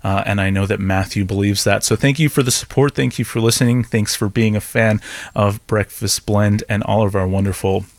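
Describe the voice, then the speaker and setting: Chatty Texan radio co-host, dry studio. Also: male voice, fairly low pitch, steady tone, a little fast, dry recording. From South Texas. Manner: friendly, chatty, easy laughs. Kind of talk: public radio fund drive chat. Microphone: studio microphone.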